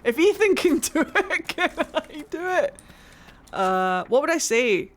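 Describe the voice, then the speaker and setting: A woman with a Scottish accent streaming a game from home, chatting casually with viewers, excitable and swearing freely. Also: high voice, takes it slowly. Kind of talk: casual livestream chat while playing.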